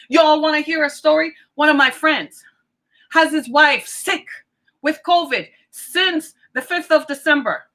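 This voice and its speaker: A woman's voice: high-pitched, bright, forceful tone. A woman hosting a podcast, delivering a fiery, impassioned monologue full of pleading questions to her listeners. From United States. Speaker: podcast host. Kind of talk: preachy monologue.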